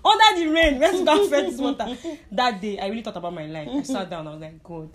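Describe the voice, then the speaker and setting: Fast-talking Nigerian woman telling stories. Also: fairly high pitch. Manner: lively storyteller, mixes in pidgin, laughs often. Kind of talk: casual storytelling chat. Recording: crowd chatter in the background.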